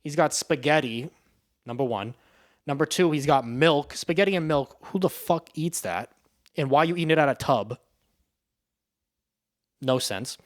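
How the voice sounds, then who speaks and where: A man's voice: on the high side, expressive, moderate pace, pauses often. A man giving a casual spoken movie review, rambling and swearing in a loose, offhand way.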